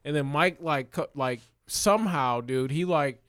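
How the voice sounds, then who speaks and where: A man's voice: a little high, unhurried, a bit bright, clean tone, dry recording, clean studio sound. Rambling, laughing man telling stories. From Chicago area. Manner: rambling, profane, laughs often. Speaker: comedian podcast co-host. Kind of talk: casual storytelling banter.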